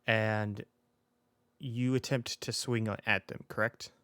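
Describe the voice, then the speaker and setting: A man's voice: fairly low pitch, little pitch movement, slow pace, bright, forceful tone, clear, resonant tone, no echo. A man running a tabletop game as game master, narrating with frequent ums and restarts. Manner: hesitant, many ums and restarts.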